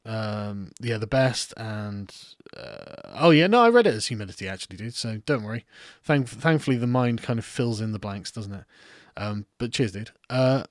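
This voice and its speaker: A man's voice: lowish voice, moderate pace, no echo, clean studio sound. A young adult English man with an English accent, rambling and laughing as he reads viewer comments on a casual livestream. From England. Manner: rambling, laughs often, swears freely, self-mocking. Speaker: political commentary streamer.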